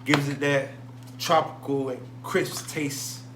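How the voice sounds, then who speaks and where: Laid-back man hosting in an echoey room. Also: mid-range voice. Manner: relaxed, drawn-out filler "man". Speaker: host. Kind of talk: casual chat. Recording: echoey room, faint noise.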